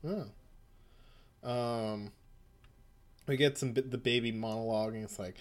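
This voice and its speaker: Male co-host, mid-pitched, joking, recaps a comic in casual chat. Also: fairly even intonation, measured pace, pauses often. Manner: laughing, joking, acting out quoted lines. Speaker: podcast co-host.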